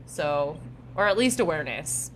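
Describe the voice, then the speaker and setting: A woman's voice: deep voice, very animated, moderate pace, slight background noise. A young woman co-hosting a casual spiritual podcast, talking loosely with frequent laughter and fillers. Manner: laughs often, many fillers. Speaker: podcast co-host.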